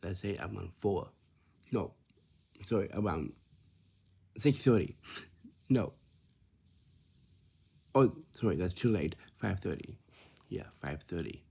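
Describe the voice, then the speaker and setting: A man's voice: deep voice, animated, slow pace, gravelly, long pauses, mellow, breathy edge. A man giving a repetitive, lecturing instructional talk, often checking in with "right?".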